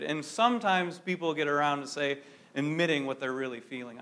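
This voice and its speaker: A man's voice: a little high, a little fast, fairly bright tone. A man preaching a sermon to a congregation in a conversational way, often asking his listeners questions. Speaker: pastor.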